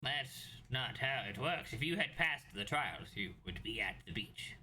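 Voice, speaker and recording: A man's voice: mid-range voice, expressive, measured pace, pushed and bright, a little hiss or hum. A man playing a dry, dismissive male clerk at a beach kiosk in a tabletop game.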